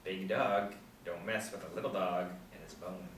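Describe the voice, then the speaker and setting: Man reading a cocky drifter, folksy swagger, lowish voice, roomy far-off sound. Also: fairly even intonation, normal speed. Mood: folksy boasting. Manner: swaggering, folksy, with sudden loud bursts. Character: boastful, folksy male drifter, self-styled soldier of fortune. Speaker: table-read actor. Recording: roomy, distant mic, faint background hum.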